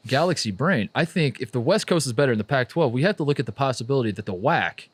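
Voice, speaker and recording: A man in his thirties co-hosting a casual sports podcast, joking in a wry, deadpan way and letting lines trail off softly. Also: medium pitch, quick pace, breathy edge, no room sound. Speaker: podcast co-host.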